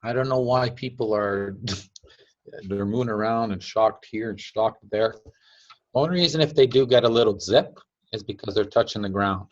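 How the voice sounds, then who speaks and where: A man gives a casual talk as a teacher. His voice sits fairly low and he laughs between points, acting out little quotes. The recording is dull and lo-fi. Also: moderate pace. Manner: chatty, laughs often, acts out quotes. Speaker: teacher of a device-building group. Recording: dull lo-fi sound.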